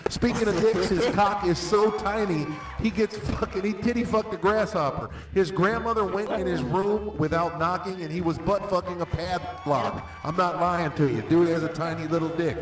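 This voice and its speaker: A man with a polished radio voice delivering a theatrical, booming insult-comedy roast. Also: normal speed. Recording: echoey distant voice chat with faint music.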